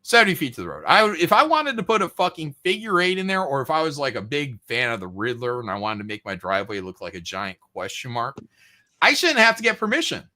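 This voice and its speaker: A man's voice: medium pitch, big pitch swings, fast, hardly any pauses, bright, forceful tone. A man ranting profanely and mockingly in a casual podcast chat, often mimicking other people. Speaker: podcast host.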